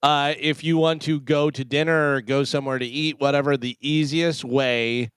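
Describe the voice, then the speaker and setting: A man's voice: a little high, fairly even intonation, normal speed, a bit bright, clear, resonant tone, no room sound, clean studio sound. A man co-hosting a morning radio show, telling an exasperated, joking story about his home life. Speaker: radio co-host. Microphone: studio microphone.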